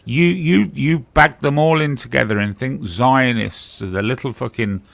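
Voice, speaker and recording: A man's voice: mid-range voice, moderate pace, creaky, fairly bright tone, no echo. A man calling into a livestream chat, blunt and teasing, swearing freely as he argues his point. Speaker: guest caller on a livestream. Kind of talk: casual argumentative chat.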